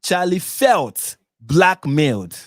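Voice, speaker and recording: A Nigerian-accented man hosting a live reaction commentary. He pushes points over and over with exasperated emphasis, his pitch swinging widely. The sound is close and dry. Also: very animated, slow, no room sound. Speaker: reaction channel host.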